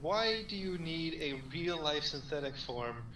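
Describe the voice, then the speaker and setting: A man's voice: a little high, lively intonation, measured pace, pushed and bright, reverberant, slight background noise, low-quality recording. A man playing a tabletop game, dry and exasperated with the others. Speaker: player. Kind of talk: tabletop game play, in and out of character.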